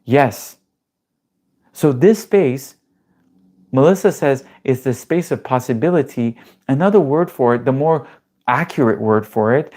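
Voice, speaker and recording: Speaking at a measured pace in a mid-range voice, this coach leads a livestreamed nervous-system calming class. He's blunt and emphatic, drops casual swear words, and fires questions out at the people watching.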